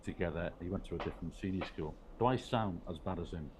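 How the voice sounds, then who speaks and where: A man's voice: deep voice, fast, crowd noise. A man with a Scouse accent, a caller on a video call, chatting and teasing in a joking way. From Runcorn, England. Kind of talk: casual chat.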